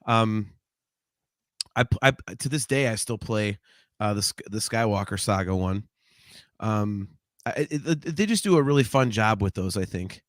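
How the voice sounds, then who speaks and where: A man's voice: fairly low pitch, lively intonation, normal speed, no echo, clean studio sound. A man hosting a podcast, chatting casually and reading out listener comments, laughing often. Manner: giggly, reads listener comments aloud. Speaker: podcast host.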